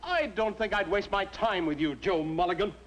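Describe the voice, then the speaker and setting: An actor playing a gruff, stubborn middle-aged father in a 1950s TV sitcom. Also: high-pitched, normal speed, noisy background, close to an everyday voice.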